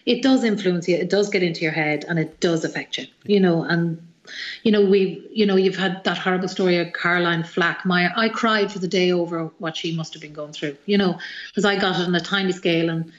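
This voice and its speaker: A middle-aged woman with an Irish accent, a singer-songwriter telling animated, rambling stories as a guest in an interview. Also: lowish voice, a little fast, reverberant, muffled recording. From Ireland. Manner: rambling, animated anecdotes with many fillers. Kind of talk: radio interview storytelling.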